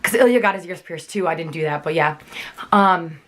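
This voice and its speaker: A woman's voice: lowish voice, a little fast. Chatty young woman telling a story. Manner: chatty, many fillers like "like". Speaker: vlogger. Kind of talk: storytime vlog.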